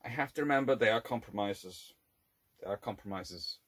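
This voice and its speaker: A man's voice: on the low side, normal speed, fairly bright tone. A man, a naval historian, giving an informal illustrated lecture with wry, exasperated asides and frequent self-corrections.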